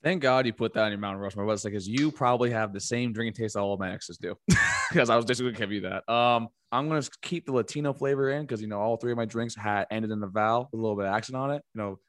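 A man's voice: on the low side, fast, a bit bright, no room sound, clean studio sound. A man co-hosting a podcast in a laid-back, rambling casual chat, with restarts and fillers. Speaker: podcast co-host.

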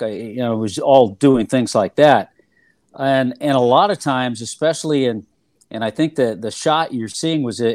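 A man's voice: mid-range voice, darkish tone, no room sound. An older man looks back on his playing and broadcasting years in an easygoing interview. He circles around his points with fillers and restarts. His voice is close and dry. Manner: rambling, filler-heavy recollection with frequent restarts. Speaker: former player and TV analyst, guest. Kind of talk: relaxed interview storytelling.

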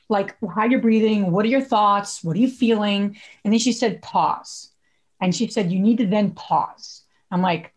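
A woman co-hosting a podcast in casual chat, chatty and full of fillers, laughing as she talks. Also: mid-range voice. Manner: chatty, many likes, laughs while talking. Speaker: podcast co-host.

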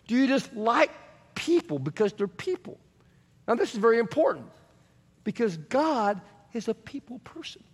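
Animated pastor with a high voice. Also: male voice, normal speed, slightly rough. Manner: animated, questioning the congregation, jumps to shouts. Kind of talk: sermon. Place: church sanctuary. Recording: long church reverb.

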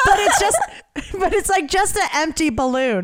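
A woman's voice: sits high, normal speed, heavy background noise. A young woman co-hosting a casual podcast chat, telling stories with swearing and laughter. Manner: animated storytelling, swearing, laughing. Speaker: podcast co-host.

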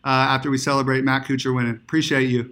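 A man's voice: medium pitch, level tone, fast, a bit bright, lightly acted. A man faking a Southern accent on a prank phone call, chummy and rambling as he wheedles for tips. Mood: wheedling. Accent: put-on Southern US. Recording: phone call played on a podcast.

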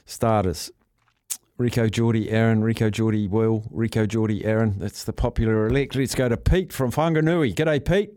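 Studio-quality audio with no echo carries a fairly low, dark male voice at normal speed. He hosts casual sports talkback radio with a New Zealand accent, reading out listener entries in a laid-back, jokey way from the radio studio.

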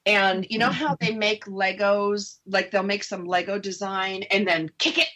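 A woman's voice: mid-range voice, fairly even intonation, measured pace, bright, forceful tone. A woman radio host talking candidly about recovering from divorce in a casual conversation. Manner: chatty, candid, laughs easily. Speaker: radio show host sharing her divorce story.

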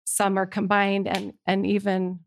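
A woman's voice: mid-range voice, completely flat delivery, unhurried, creaky, a little hiss or hum. A woman casually explaining the blog she writes with her father, informal and a little hesitant. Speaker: blog co-author.

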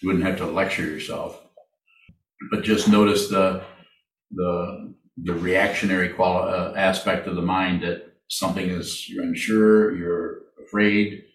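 A man leading a meditation Q&A, speaking slowly and haltingly, often repeating his phrases. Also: low voice, level tone. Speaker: meditation teacher. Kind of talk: Q&A in a dharma talk. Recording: echoey room from far off.

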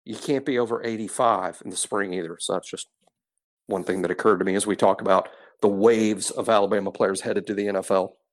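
A man's voice: lowish voice, fairly even intonation, a little fast. Rambling man talking football. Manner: rambling, self-interrupting. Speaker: podcast co-host. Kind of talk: casual sports chat.

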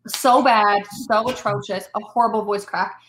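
A woman's voice: medium pitch, fairly even intonation, normal speed, slight background noise. A woman, a musician talking candidly and self-deprecatingly as a podcast guest. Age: 20s. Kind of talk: casual interview chat. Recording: roomy echo.

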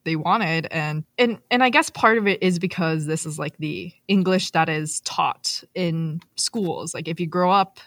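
Lower-voiced female guest, measured and thoughtful, dry mic. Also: fairly bright tone, no room sound. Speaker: podcast guest. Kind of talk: casual podcast chat.

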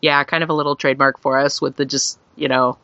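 A woman's voice: a bass voice, level tone, quick pace, sharp tone, dry recording. A woman telling a long anecdote as a guest, rambling with fillers and laughing often. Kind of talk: casual storytelling. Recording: dull lo-fi recording.

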